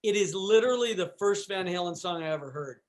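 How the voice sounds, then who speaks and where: A man appearing as a podcast guest tells a story casually and with lots of energy, acting out what people said and using plenty of fillers. His voice sits high and he talks quickly.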